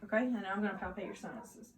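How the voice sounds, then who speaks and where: A woman who is a nursing student, narrating a physical assessment step by step with steady, instructive directions. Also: medium pitch, rapid-fire, noisy background. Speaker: nursing student performing an exam. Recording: echoey room with faint ambience.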